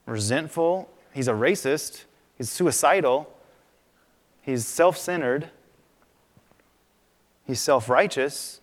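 A man pastor preaching a sermon in a conversational, animated way, in a church sanctuary. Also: medium pitch. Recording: long reverb of a large hall.

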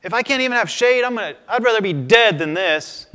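A man's voice: high-pitched, animated, brisk, bright, forceful tone, clean tone, pitched above the performer's own voice. A man voicing a self-pitying prophet who wails his complaints in a raised, strained voice. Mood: whining, despairing. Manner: wailing, overwrought complaint. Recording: long reverb of a large hall.

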